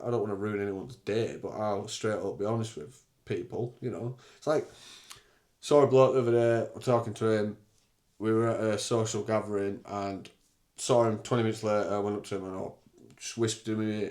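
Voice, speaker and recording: A man's voice: fairly low pitch, darkish tone. A young man hosting a podcast, talking candidly and bluntly in a casual solo monologue, with the odd swear word. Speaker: podcast host.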